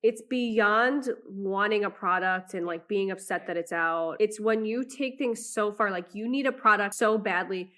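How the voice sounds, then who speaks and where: A woman's voice: mid-range voice, unhurried, few pauses, a bit bright. A woman giving disapproving, emphatic commentary. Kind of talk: casual reaction commentary.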